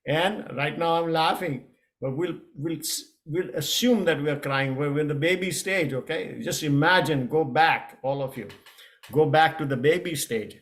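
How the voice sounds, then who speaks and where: A middle-aged man coaching a yoga lesson in a casual, halting way, with many fillers and restarts. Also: a little high, fairly bright tone.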